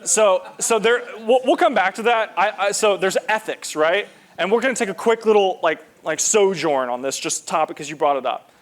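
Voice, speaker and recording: A man's voice: sits high, animated, normal speed, hardly any pauses. A man giving a casual live presentation to an audience, talking loosely with lots of fillers and repeats. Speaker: conference presenter.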